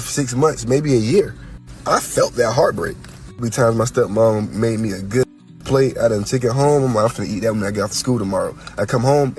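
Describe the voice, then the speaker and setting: A man's voice: medium pitch, a little mellow. A man telling a blunt, heartfelt story from his own childhood, his voice congested. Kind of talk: personal storytelling.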